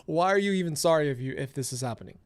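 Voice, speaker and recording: A man's voice: fairly high pitch, expressive, racing, smooth. Blunt swearing male commentator. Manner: blunt, swearing, exasperated ranting. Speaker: commentary host. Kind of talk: reaction commentary.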